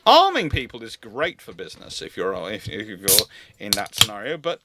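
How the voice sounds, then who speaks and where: A man hosting a live naval history stream, explaining things in a playful, animated storytelling way. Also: fairly low pitch, moderate pace, background noise. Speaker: naval historian and channel host. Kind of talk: live-stream lecture chat.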